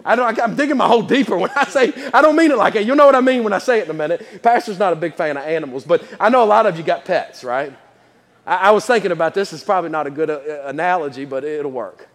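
A man's voice: a little high, expressive, fast talker, big-room sound. A man preaching a sermon in church, folksy and chatty, laughing often and repeating his words.

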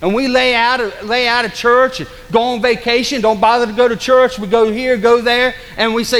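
Male pastor, high voice, urgent-to-hushed sermon delivery, big church reverb. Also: steady tone, normal speed, hardly any pauses. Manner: swings between loud urgent preaching and low hushed warnings; acts out excuses in mocking quoted voices. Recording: long hall reverb.

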